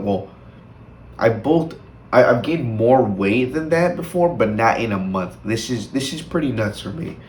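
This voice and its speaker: A man's voice: lowish voice, roomy sound, a little hiss or hum. A young man talking casually about his gym routine in a rambling vlog, with many fillers and restarts. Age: young adult. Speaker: fitness vlogger.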